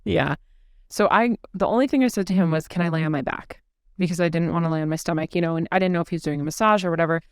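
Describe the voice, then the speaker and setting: A woman host retells a personal story with earnest, animated quoted speech. Her voice is notably low. The sound is dry and close to the mic. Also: racing, clean tone, no echo. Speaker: podcast host. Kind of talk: casual storytelling conversation.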